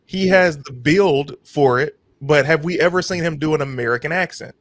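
Quick-talking man in a dry-sounding podcast. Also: fairly high pitch, dry recording. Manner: quick, enthusiastic storytelling. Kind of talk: casual podcast chat.

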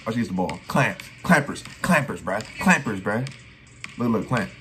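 A young man giving excited reaction commentary on his old basketball footage, trash-talking and repeating his phrases. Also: fairly low pitch, moderate pace. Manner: hype trash talk, repeats phrases, keeps saying "bro". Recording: faint music behind.

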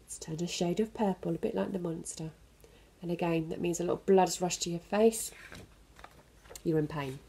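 A woman at a children's centre reading a picture book aloud to young children, pausing to explain the story gently. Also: lowish voice, gravelly, husky.

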